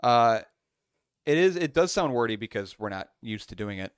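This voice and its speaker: A man's voice: mid-range voice, animated, moderate pace, smooth, dry recording, studio quality. A man co-hosting a casual podcast, rambling through his thoughts with lots of fillers and restarts. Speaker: podcast co-host.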